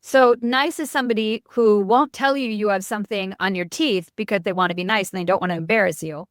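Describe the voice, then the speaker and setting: A middle-aged woman from New York, a marketing expert speaking as a podcast guest, blunt and animated, often breaking off mid-sentence. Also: mid-range voice, fairly quick, no echo, studio quality. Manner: blunt, animated, self-interrupting. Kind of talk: casual podcast interview.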